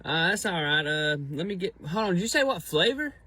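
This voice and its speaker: A high, bright, husky customer played by a man in a comedy sketch, stammering and excitable, his voice leaping up and down. He is recorded dry, close to the mic. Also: brisk, dry recording, exaggerated voice. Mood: flustered. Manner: excitable, stumbling over his words. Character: flustered stammering male drive-thru customer.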